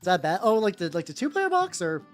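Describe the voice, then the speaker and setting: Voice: medium pitch, sing-song, fast talker. A live streamer chatting casually while painting miniatures, rambling loosely, swearing freely and greeting viewers by name over and over. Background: faint background music.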